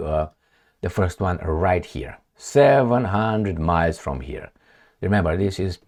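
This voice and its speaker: A man giving opinionated news commentary in an animated, sarcastic way. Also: low voice. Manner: animated, sarcastic, acts out imagined dialogues. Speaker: political commentator.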